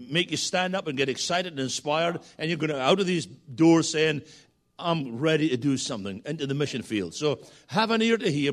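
A Scottish man preaching as a guest in a church, joking with the congregation and calling for responses. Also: on the high side. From Scotland. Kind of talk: sermon.

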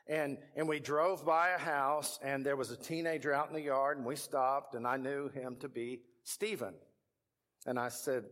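Man, Texan accent, middle-aged, pastor, sermon storytelling, lively narrator. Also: on the high side. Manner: animated storyteller, acts out voices of the people in his story.

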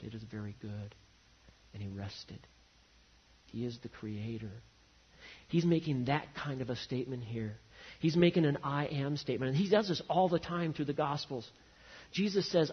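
Husky male preacher with dynamic delivery. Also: medium pitch, dull audio. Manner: dynamic preaching, swings from loud emphasis to hushed lines. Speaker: pastor. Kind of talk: sermon.

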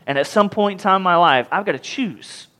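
A pastor preaching a sermon, animated and questioning his congregation. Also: high voice, brisk. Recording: long hall reverb.

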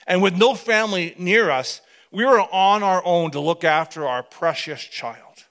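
Bright, high-voiced man preaching a story. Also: measured pace. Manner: animated, dramatic storytelling that drops to hushed tones. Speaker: pastor. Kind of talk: storytelling sermon.

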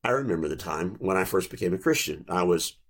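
Older male preacher, gravelly and low-pitched, gentle reflective storyteller, sermon delivery. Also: animated. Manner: gentle, reflective storytelling with pauses and small restarts.

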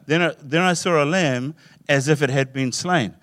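Animated male preacher, dry sound. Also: on the high side, normal speed, no echo. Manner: animated storytelling, acting out voices with laughs. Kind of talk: sermon.

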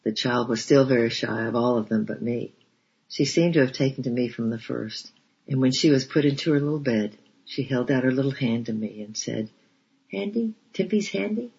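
Gravelly, husky male storybook narrator. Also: medium pitch, fairly even intonation, a little fast, a little mellow. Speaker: audiobook narrator. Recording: dull lo-fi recording.

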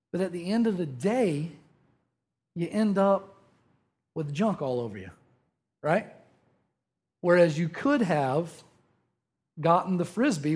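A man's voice: sits high, a little mellow. A man in his thirties giving a conversational sermon, telling a humorous story and often checking in with his listeners. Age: 30s. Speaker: preacher.

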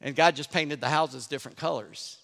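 A man from Charleston preaching a sermon as pastor, telling stories with animated energy and dropping to a hush for effect. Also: fairly high pitch, moderate pace, vocal fry. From Charleston, South Carolina. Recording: long hall reverb.

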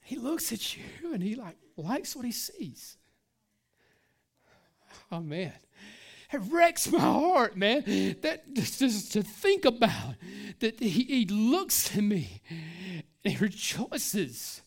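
A middle-aged man preaching a sermon as pastor, in a casual, emphatic way, often saying "man" and "listen", dropping to a hush and then rising loud, stretching key words. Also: high voice, wildly swooping pitch, slow.

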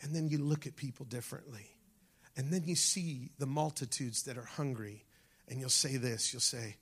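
A husky, medium-pitched man preaches a sermon as pastor at a moderate pace. He calls out to his congregation, his animated delivery swinging from shouts down to near-whispers at times.

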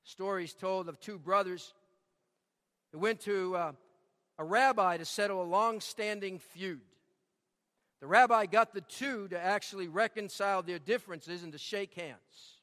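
A man's voice: high-pitched, a little slow, a bit bright, big-room sound. A man preaching a sermon, telling stories and repeating key lines for emphasis. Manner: storytelling with emphatic repetition. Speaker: pastor.

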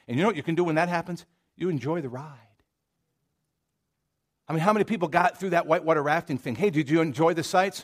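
Preacher guy, chatty sermon, kinda higher voice, keeps restarting his sentences. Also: fast, pauses often. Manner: folksy and conversational, with many restarts and asides. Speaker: pastor. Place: church sanctuary.

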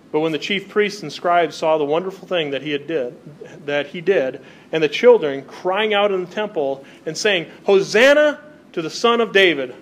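A male pastor preaching a sermon, reading Bible passages aloud and explaining them to his congregation. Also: sits high. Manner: reads scripture aloud, then explains it to the congregation.

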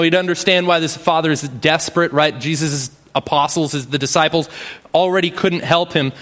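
A man's voice: on the high side, a bit bright. A man preaching a sermon in a conversational way, often checking in with "right?". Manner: conversational, frequent "right?" tags. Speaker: pastor. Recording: long hall reverb.

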